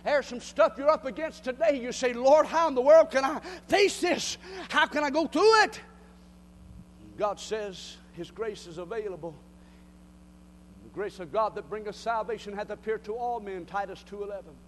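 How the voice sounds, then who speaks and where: A man preaching a fiery sermon, shouting and calling out to the congregation, then telling folksy jokes. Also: very high-pitched, animated, moderate pace. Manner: shouting, call-and-response, rising to cries. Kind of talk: Pentecostal-style sermon. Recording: long reverb of a church hall.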